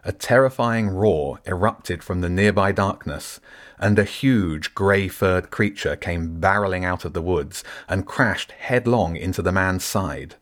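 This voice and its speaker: Brief: deep, low male narrator, steady storytelling. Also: a little slow. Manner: steady storytelling, shifts into character voices. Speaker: audiobook narrator. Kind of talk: scripted narration.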